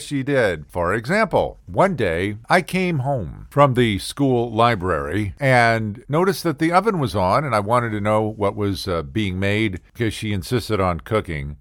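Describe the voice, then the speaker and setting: A man's voice: medium pitch, a bit bright, no echo, clean studio sound. A man telling comic stories about cheap people with a wry, exaggerated, sarcastic delivery. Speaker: comedian. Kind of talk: comedic storytelling monologue.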